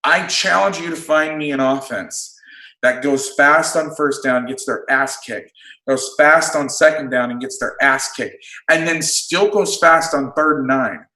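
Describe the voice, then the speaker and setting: A man who coaches football, breaking down defensive play calls in a casual chat, blunt and quick to swear. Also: on the high side, pushed and bright. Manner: blunt, swears freely, explains plays in detail. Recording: roomy echo.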